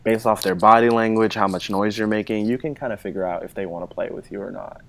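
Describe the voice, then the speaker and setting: A man's voice: on the low side, quick pace. A man talking at length as an interview guest, with a casual, explanatory manner full of "you know" fillers.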